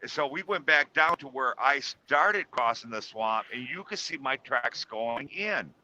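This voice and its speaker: A man's voice: medium pitch, expressive, unhurried, sharp tone, dull audio, a little hiss or hum. A man casually telling a personal story in a chat, rambling with fillers and restarts.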